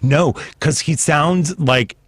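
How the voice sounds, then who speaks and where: A man's voice: on the high side, fairly bright tone, no room sound. A man, hosting a casual radio talk show, playful and jokey, with live ad reads. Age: 40s. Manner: playful, jokey, quick to do silly voices.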